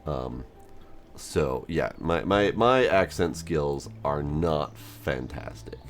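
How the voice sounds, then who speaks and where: A man's voice: very deep voice, expressive, slow pace. A man casually commenting on a game he is playing, chatty and self-mocking, reading its text aloud. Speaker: gameplay streamer. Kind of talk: casual let's-play commentary.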